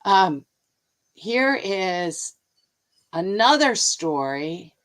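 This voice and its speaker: An American woman hosting a mindfulness show, telling travel stories in a lively, chatty way. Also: fairly low pitch, drawn-out words. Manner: animated, chatty, expressive. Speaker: host and mindfulness coach. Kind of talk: casual storytelling to camera.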